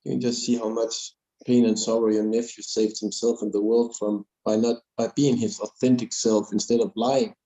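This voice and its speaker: A man hosting an interview who responds to his guest in a calm, affirming way. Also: on the low side, moderate pace, hardly any pauses. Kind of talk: interview conversation. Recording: dull lo-fi recording.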